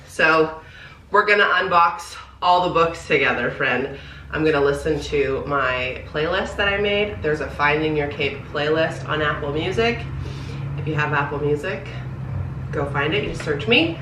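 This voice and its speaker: A woman in her thirties chatting excitedly to camera at home for her vlog, talking straight to her viewers. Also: low-pitched, slight background noise, rough recording. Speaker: vlogger. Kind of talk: casual vlog talk to camera. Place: at home indoors.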